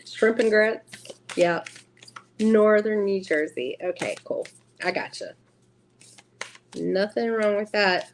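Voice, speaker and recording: A woman's voice: mid-range voice, animated, takes it slowly, long pauses, a little hiss or hum. A woman with a Southern US accent hosting a casual tarot live stream, chatting freely, laughing often and answering her viewers. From Southern United States. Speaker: tarot livestream host.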